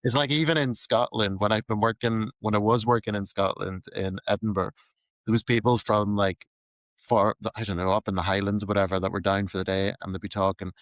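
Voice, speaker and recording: A young Irish man hosting a casual podcast chat, laughing often and letting sentences trail off quietly. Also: fairly low pitch, fairly even intonation, a little fast, no echo. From Ireland. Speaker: podcast host.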